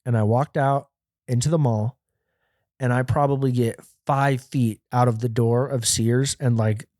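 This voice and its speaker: A young man hosting a podcast, casually telling a story in a profane, animated way. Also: mid-range voice, unhurried, no room sound, clean studio sound. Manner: profane, animated, acts out quoted voices. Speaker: podcast host.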